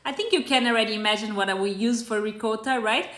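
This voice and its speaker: A woman's voice: on the high side, fast, a bit bright, reverberant. A woman with a Brazilian accent hosting a live cooking stream, chatting casually and greeting viewers by name. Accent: Brazilian Portuguese. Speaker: cooking show host.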